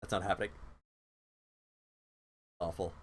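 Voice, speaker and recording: A man's voice: sits low, level tone, unhurried, fairly bright tone, slight background noise. A man hosting a livestream, chatting casually in a rambling, self-deprecating, flustered way. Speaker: livestream host. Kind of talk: casual chat.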